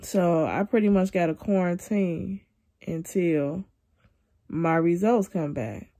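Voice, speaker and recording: A young woman talks into her phone from bed at home, worn out and venting. Her voice sits a little low and she takes her time, with long, tired pauses. She sounds slightly congested. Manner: weary, venting, soft and drawn out. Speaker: vlogger. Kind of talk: casual confessional vlog.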